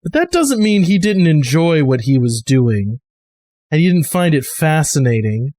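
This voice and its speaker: A man's voice: fairly high pitch, very animated, darkish tone, no room sound. A man voicing a hardened, weary woman survivor who speaks bluntly and grimly. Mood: somber. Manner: blunt, grim and measured.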